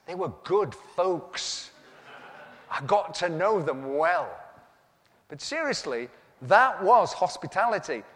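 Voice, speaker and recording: A man's voice: high-pitched, fairly bright tone. A man preaching, telling a comic story and acting out the dialogue in a self-mocking way. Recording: echoey hall with long reverb.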